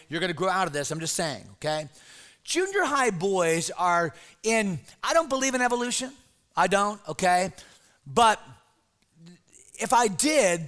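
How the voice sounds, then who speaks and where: A middle-aged man preaching as a pastor, telling a comic story to teenagers with lively, shouted bits. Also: high voice. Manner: animated storyteller, shouts put-on voices. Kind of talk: comic sermon to teens.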